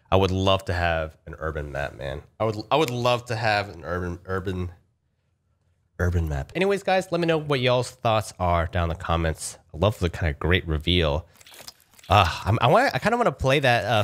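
A man giving casual, excitable commentary over gameplay, talking to his viewers and speculating. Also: low-pitched. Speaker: gaming YouTuber.

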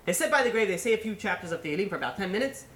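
A man, a rabbi, telling a long story in a sermon, animated and full of fillers, acting out the people in it. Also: high-pitched, very fast, reverberant, a little hiss or hum. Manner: animated, acts out quotes, many fillers.

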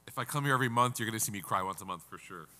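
A man, a religious teacher telling a moving story in an earnest, halting way, his voice breaking with emotion. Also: lowish voice, expressive, bright, forceful tone. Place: community center hall. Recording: reverberant lecture hall.

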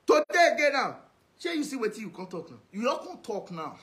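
A man's voice: extremely high pitch, very animated, fairly quick, a bit bright. A man with a Nigerian Pidgin accent delivering a ranting video message, scolding and insulting someone over and over. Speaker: social media commentator.

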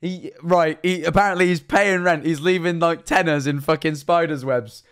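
A man's voice: fairly high pitch, steady tone, normal speed, clean tone. A young man streaming live, reacting to viewer clips with rambling, incredulous commentary and frequent swearing.

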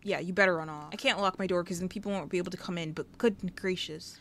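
A woman giving casual, sassy Let's Play commentary, scolding the characters in her game out loud, recorded on a headset mic. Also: lowish voice, fairly even intonation, a little fast, soft background music. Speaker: gaming YouTuber.

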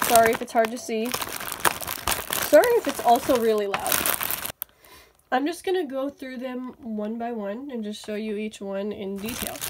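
Excitable woman vlogger, gushing toy-haul unboxing, slightly high voice, faint hiss behind. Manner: gushing, excitable, many "oh my goodness".

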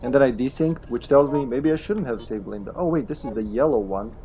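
A man streaming a co-op game, joking with teammates, swearing and yelling in tense moments. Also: medium pitch, brisk. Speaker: streamer playing co-op online. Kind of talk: casual gaming chat.

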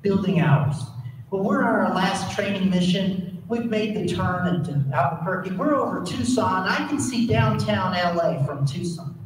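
A man who used to fly military jets tells a story live to an audience, with dramatic pauses and put-on radio voices. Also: high-pitched, animated. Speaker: former military pilot telling a story. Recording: echoey hall, distant mic, audible noise.

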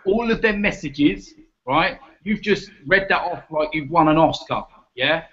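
A man's voice: on the high side, animated, measured pace, fairly bright tone. Ranting, mocking man. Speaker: football fan debater. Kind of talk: heated debate banter. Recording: muffled lo-fi audio.

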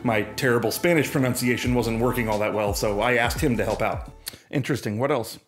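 A man presenting a software demo in breezy, upbeat scripted narration that explains things clearly. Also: medium pitch, a little fast, a little hiss or hum.

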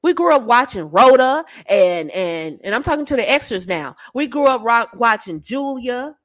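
Sassy high-voiced woman giving advice. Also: lively intonation, moderate pace, no echo. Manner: sassy and emphatic, calls the listener baby and honey. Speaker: dating coach and channel host. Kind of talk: straight-talking advice monologue.

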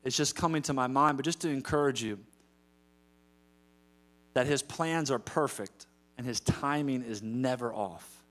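Energetic preaching pastor, man. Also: mid-range voice, a little slow, pauses often. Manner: energetic preaching, rising to loud emphatic calls. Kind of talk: sermon. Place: church sanctuary.

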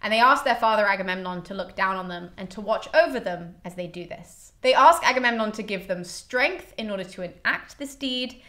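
A chatty woman talks through the plot of a classical play in a casual, friendly way. She drops playful mock quotes of the characters into her summary, pitched in a middle range for a woman. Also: lively intonation, fairly quick, few pauses, sharp tone. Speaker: host explaining a classical play.

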